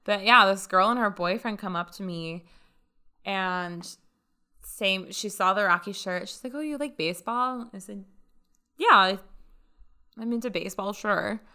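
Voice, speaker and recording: A woman casually telling a story on a podcast, chatty and animated, acting out what others said. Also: mid-range voice, a little slow, long pauses, smooth. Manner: chatty, animated retelling with quoted dialogue. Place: lives in Las Vegas.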